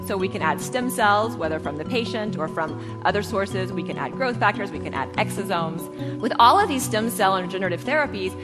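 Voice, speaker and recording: A woman's voice: medium pitch, expressive, a little fast, music in the background. Give me a woman doctor explaining treatments plainly on stage, in a reverberant hall. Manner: explanatory, matter-of-fact. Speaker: physician. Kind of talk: stage talk to an audience.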